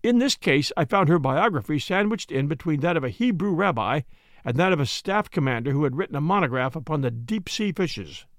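A man giving measured, expressive scripted narration of a story. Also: on the high side, dry recording, clean studio sound. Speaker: audiobook narrator.

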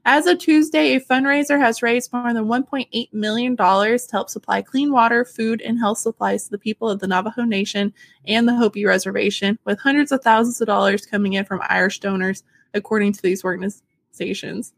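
A woman's voice: fairly high pitch, steady tone, brisk, gravelly, no room sound, clean studio sound. A woman co-hosting a podcast in casual chat, reading out a news story and getting emotional and giggly about it. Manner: warm, emotional and giggly, tears up easily. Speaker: podcast co-host.

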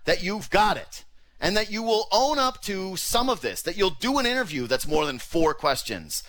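Bright-voiced, ranting sports talk host. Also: male voice, high voice, big pitch swings, normal speed. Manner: ranting, exasperated, swears casually. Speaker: sports radio podcast host.

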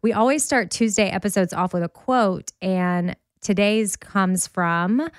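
A woman's voice: mid-range voice, a little slow, dry recording, clean studio sound. A woman with a Southern US accent, co-hosting a casual podcast chat over a video call and laughing often. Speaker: podcast co-host. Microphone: remote video call.

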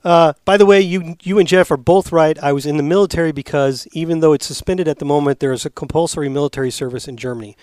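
Podcast host, American man, quick and animated, reads letters with a lifted voice, dry mic. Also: on the high side, clean tone, no echo. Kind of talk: casual chat, reading listener mail aloud.

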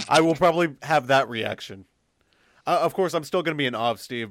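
A man co-hosting a podcast, chatty and quick to laugh. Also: medium pitch, lively intonation, no room sound. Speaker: podcast co-host. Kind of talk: casual podcast banter.

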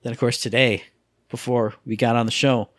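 A man's voice: mid-range voice, moderate pace, dry recording, studio quality. A man co-hosting a podcast, chatting casually about video games and acting out sound effects. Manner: animated, acts out sound effects and voices. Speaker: podcast co-host.

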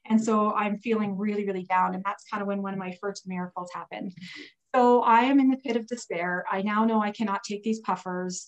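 A woman guest telling a personal story in casual talk, animated, with frequent restarts and fillers. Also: mid-range voice, poor audio. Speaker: guest sharing a personal testimony.

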